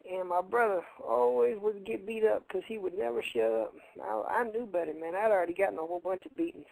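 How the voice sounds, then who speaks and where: A man's voice: high-pitched, animated, brisk, gravelly, a little mellow, no room sound, poor audio. A man co-hosting a radio show, telling a story casually in a rambling, colloquial way and repeating his phrases.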